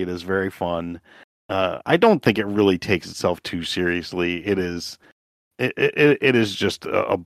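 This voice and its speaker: A man's voice: on the low side, dry recording, clean studio sound. A man co-hosting a podcast, recommending films with a joking, self-mocking manner. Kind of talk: casual podcast chat.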